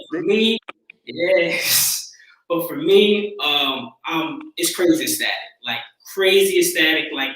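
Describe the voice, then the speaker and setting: A man from Yonkers hosting a casual sports chat on a live stream, relaxed and repeating his phrases with lots of fillers. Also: on the high side, far from the mic. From Yonkers, New York. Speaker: stream host. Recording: echoey room, away from the mic.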